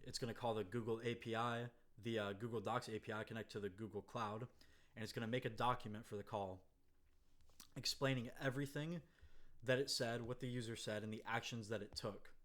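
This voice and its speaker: A young man casually explaining his software work in a slangy, laid-back way, acting out callers in quick voices. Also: mid-range voice. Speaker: software developer.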